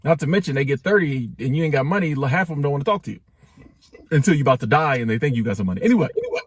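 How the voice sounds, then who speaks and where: A man's voice: fairly high pitch, lively intonation, racing, husky, dry recording. A man in a casual monologue, sassy and wisecracking as he gives his views.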